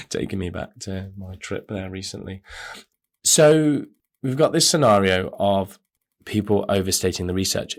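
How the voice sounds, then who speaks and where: Rambling man hosting a podcast. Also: on the low side. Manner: rambling, self-correcting, lively. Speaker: podcast host. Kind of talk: casual monologue.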